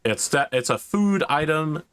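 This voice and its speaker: A man running a tabletop game as game master, narrating and explaining in a measured way. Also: fairly high pitch, animated, a bit bright, clear, resonant tone.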